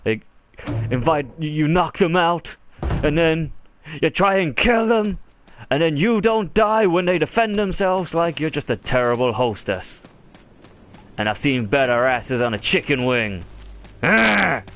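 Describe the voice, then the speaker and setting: Crude, mocking game streamer. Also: male voice, on the high side, unhurried. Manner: mocking, crude banter at the screen. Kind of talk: profane gameplay commentary.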